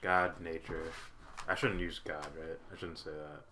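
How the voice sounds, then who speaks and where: Deep-voiced podcast host, rambling and loose, slight background hiss. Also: male voice, flat delivery, a little slow, bright, forceful tone. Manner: rambling, laid-back, swears freely. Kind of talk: casual chat.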